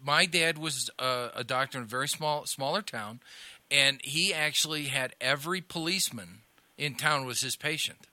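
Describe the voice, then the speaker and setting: A man's voice: mid-range voice, moderate pace, sharp tone, dry recording. A middle-aged man from Illinois, hosting a casual radio chat and telling rambling anecdotes with a laugh. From Illinois, USA. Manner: rambling, anecdotal, laughs at his own stories. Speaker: radio talk host and comedy club owner.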